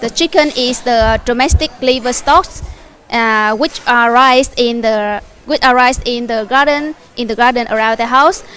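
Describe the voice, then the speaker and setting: A woman, a local food tour guide explaining a dish on camera, halting and full of fillers and restarts. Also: fairly high pitch, fairly bright tone, smooth.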